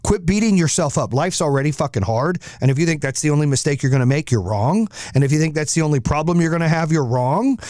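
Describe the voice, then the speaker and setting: A man's voice: on the high side, fast, few pauses, darkish tone, no room sound, studio quality. A man hosting a podcast, giving a blunt, profane, fired-up motivational monologue. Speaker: podcast host.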